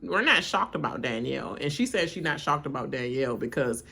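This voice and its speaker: A woman's voice: extremely low pitch, very animated, brisk, vocal fry, bright, forceful tone, slightly rough. A woman doing a live watch-along of a reality show, laughing often and acting out the cast in exaggerated voices while she rants bluntly. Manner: blunt, ranting commentary. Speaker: reality TV reaction streamer.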